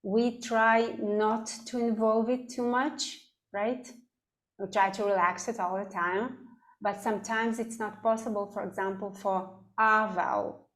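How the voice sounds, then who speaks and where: A woman teaching vocal technique in an online class, explaining slowly and singing sample words. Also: mid-range voice, fairly even intonation, fairly bright tone. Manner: slow, demonstrative, sings sample words.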